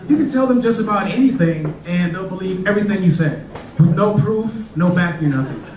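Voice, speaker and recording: A man's voice: sits high, animated, a little fast, darkish tone, a little hiss or hum. A man doing a casual stand-up comedy set, telling stories in a loose, conversational way. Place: comedy club stage. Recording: echoey club, distant mic, crowd. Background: audience laughter.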